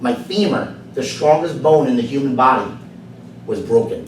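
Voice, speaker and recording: A man giving a prepared personal speech at a club meeting, telling his story earnestly, going soft at times and then building to emphatic lines. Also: mid-range voice, expressive, moderate pace. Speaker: club speaker. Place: meeting room. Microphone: far camera. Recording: echoey room from far off, faint noise.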